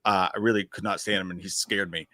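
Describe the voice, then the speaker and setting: A man's voice: low voice, little pitch movement, fast, pushed and bright, no echo, studio quality. A man co-hosting a casual live stream, reading viewer comments aloud and chatting in a laid-back, profane way.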